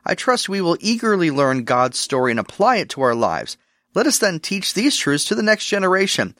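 A man hosting a religious radio program, giving a scripted, earnest teaching and reading scripture in a measured way. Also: high-pitched, very animated, fairly bright tone, dry recording, studio quality. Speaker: radio ministry host.

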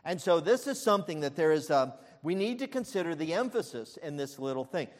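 A man preaching a sermon as pastor, emphatic, with frequent fillers and restarts and loud peaks. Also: a little high, expressive, brisk, big-room sound.

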